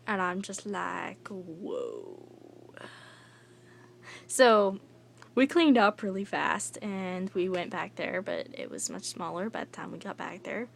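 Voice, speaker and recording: A young woman telling a casual, rambling vlog story, full of fillers and with soft whispery asides. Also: medium pitch, a little slow, vocal fry, a little hiss or hum. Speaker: vlogger.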